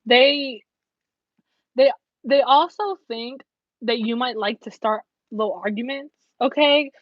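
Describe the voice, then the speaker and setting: A woman's voice: on the high side, slow pace, dry recording, highs cut off. A young woman giving a casual tarot reading, blunt and profane, laughing and acting out little scenes. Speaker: tarot reader.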